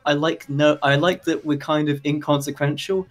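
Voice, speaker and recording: A man's voice: fairly high pitch, steady tone, normal speed. A man in a voice chat who talks earnestly and rambles a little, restarting his sentences. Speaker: voice chat participant. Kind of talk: casual debate chat.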